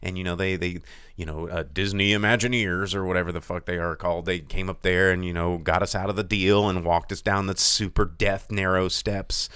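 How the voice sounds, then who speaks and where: A man hosting a casual movie podcast, an animated storyteller who acts out voices and sound effects. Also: sits low, a little fast, clean tone, no echo, clean studio sound. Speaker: podcast host. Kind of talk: casual chat about movies.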